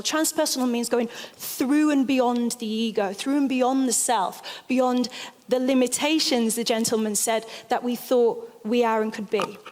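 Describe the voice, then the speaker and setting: A woman giving a stage talk, telling stories in a lively, emphatic way. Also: on the high side. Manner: lively, animated storytelling with emphatic phrasing. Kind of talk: storytelling lecture. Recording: long hall reverb.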